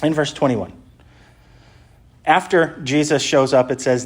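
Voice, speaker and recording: A pastor teaching a sermon in a relaxed, conversational way, explaining as he goes with frequent "uh" fillers. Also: mid-range voice, a little slow, pauses often.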